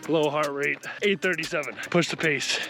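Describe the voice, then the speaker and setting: A man's voice: fairly high pitch, moderate pace, gravelly, over music. A man vlogging outdoors while running, upbeat and motivational, and out of breath. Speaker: fitness vlogger. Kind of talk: casual vlog while running. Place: outdoors on a hilly road.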